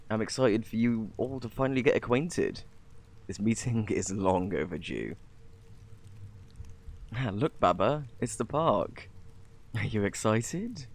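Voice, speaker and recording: A man's voice: on the low side, full character voice. Man playing a shy formal alien parent. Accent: British. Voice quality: soft-spoken, formal and polite. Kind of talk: whispered role-play.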